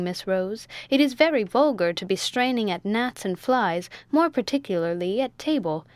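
A woman's voice: medium pitch, clear, resonant tone, no echo, lightly acted. A woman reading an audiobook, voicing a bossy middle-aged male sea captain who barks orders. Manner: barking orders, blustering.

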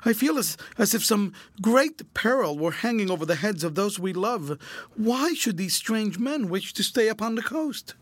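A man reading aloud voices a gentle, nervous young woman with a soft, low, sweet voice, speaking in a hushed, fearful way. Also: animated, normal speed, dry recording.

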